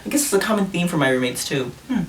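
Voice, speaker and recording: A man's voice: high-pitched, expressive, quick pace, roomy sound, recorded from a distance, slight background noise. A young man vlogging a storytime, casual and blunt, swearing freely, recorded on a camera mic. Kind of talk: storytime vlog.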